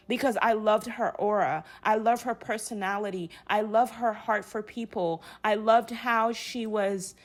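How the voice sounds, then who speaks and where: A young woman from Uganda, telling her own story in a rambling, heartfelt monologue full of restarts. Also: a little high.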